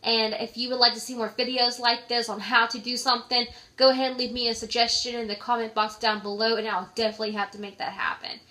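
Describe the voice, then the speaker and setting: Chatty young woman with a bright voice. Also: a little high, level tone, fast, hardly any pauses. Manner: chatty, with many filler "likes". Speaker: vlogger. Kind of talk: casual advice vlog.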